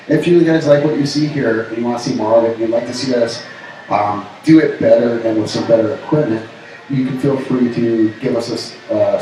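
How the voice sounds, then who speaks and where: A man's voice: mid-range voice, dark tone. A man co-hosting a live stream from a pub, chatting casually and joking in rambling asides. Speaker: podcast co-host. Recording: echoey room, far from the mic.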